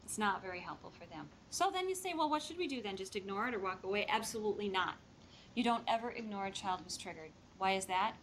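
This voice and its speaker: A woman's voice: medium pitch, fast talker, a little hiss or hum. A middle-aged woman giving a lecture to foster parents and acting out the voices in the stories she quotes. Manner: lively, acts out quoted voices. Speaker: speaker training foster parents.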